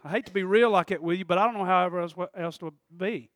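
High-voiced man preaching with passion. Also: quick pace, no echo, clean studio sound. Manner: passionate preaching, swings from shouting to quiet talk; laughs between points, conversational asides. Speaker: pastor. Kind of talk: sermon. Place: church service.

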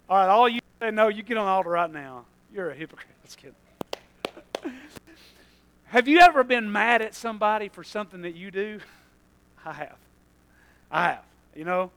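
A man preaching a sermon, moving between quiet asides and loud passages and laughing at his own jokes. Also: high-pitched, expressive, moderate pace, pauses often, low-quality recording. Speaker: pastor.

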